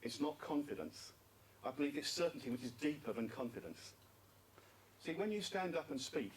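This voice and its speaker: A man giving an interactive talk at a speaking club conference, asking the audience questions and repeating their answers. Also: medium pitch. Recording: distant mic with faint background noise.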